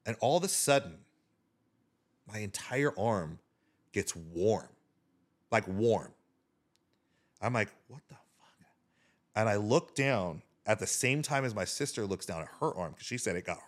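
A man telling a casual story as a podcast guest, animated and swearing freely, talking with his hands. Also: lowish voice, moderate pace.

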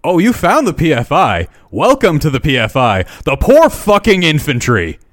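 A man's voice: on the high side, wildly swooping pitch, normal speed, a bit bright, dry recording, studio quality, voice pushed up. A man reading aloud as a profane male lance corporal barking orders at fresh recruits. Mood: furious.

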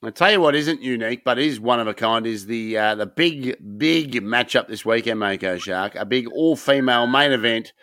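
A man's voice: medium pitch, moderate pace, few pauses, a bit bright, dry recording, clean studio sound. A man co-hosting a podcast, bantering crudely and rambling, breaking into mocking impressions. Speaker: podcast co-host. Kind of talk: casual banter about boxing.

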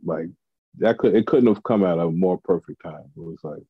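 A man's voice: deep voice, normal speed, husky, dry recording, narrow, tinny audio. A man, a comedian and TV writer, telling a story in casual chat and acting out the quotes of the people in it.

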